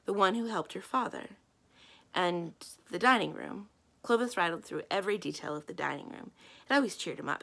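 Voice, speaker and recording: A woman librarian reading a children's novel aloud, gently, lifting her voice for the dialogue. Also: fairly low pitch, creaky. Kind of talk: children's book read-aloud.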